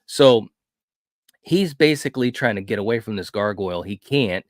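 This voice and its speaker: A man hosting a film review podcast, retelling a horror movie in an animated, casual way with frequent restarts. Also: on the low side, moderate pace, no echo, studio quality. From grew up in a city. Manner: animated storyteller, frequent restarts and "you know".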